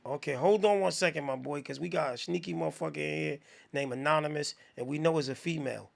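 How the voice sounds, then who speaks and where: A man hosting a live music review stream, talking in a slangy, profane, rambling way and giving shout-outs to viewers. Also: on the high side, quick pace, gravelly. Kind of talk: casual live-stream commentary.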